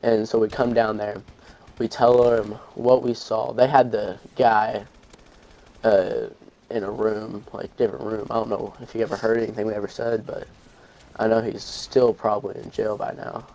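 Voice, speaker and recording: A man's voice: on the low side, little pitch movement, normal speed, a little mellow, low-quality recording. A young man, telling a long story casually over gameplay, rambling with fillers and restarts. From Arkansas, USA. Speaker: gaming channel host.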